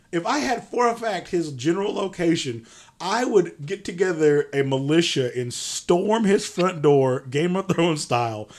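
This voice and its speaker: Animated young man doing mock outrage. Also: on the high side. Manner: animated, mock-incredulous, swears, laughs mid-sentence. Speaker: podcast co-host. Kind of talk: comedic podcast banter.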